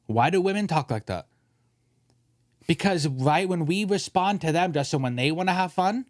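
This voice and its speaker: Animated ranting podcast host, man. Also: fairly high pitch, normal speed, no room sound, clean studio sound. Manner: animated, joking, mimics others in quotes. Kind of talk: casual podcast rant.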